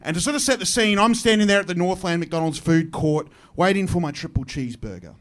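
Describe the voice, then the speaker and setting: A man's voice: sits high, lively intonation, fairly quick, a bit bright. An Australian man doing a stand-up comedy set, telling a self-deprecating story and acting out voices. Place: comedy club stage with live audience.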